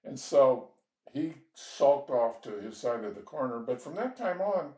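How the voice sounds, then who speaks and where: Warm and expressive, this older man's medium-pitched voice moves unhurriedly as he tells rambling stories of his youth, punctuated by little laughs. He is an interviewee from Georgia, United States, sharing his life story in a relaxed way, recorded off-mic from a distance in an echoey space.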